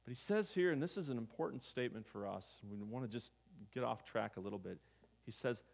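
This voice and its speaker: A male pastor preaches a sermon in a conversational way. He often checks in with his congregation through quick questions. His voice sits at an ordinary middle pitch. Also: expressive, creaky.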